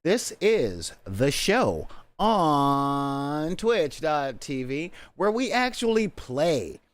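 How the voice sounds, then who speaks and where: A man's voice: a little high, sing-song, very slow, dry recording. A sleep-deprived man hosting and running a tabletop role-playing stream, joking and rambling and often tripping over his words. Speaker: host and game master. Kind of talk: casual streamed tabletop game intro.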